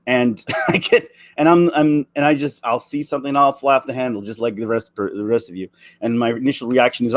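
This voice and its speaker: A man in his forties delivering an earnest, emotional opinion rant, halting and restarting his sentences. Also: mid-range voice, steady tone, no room sound. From Canada. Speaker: vlogger.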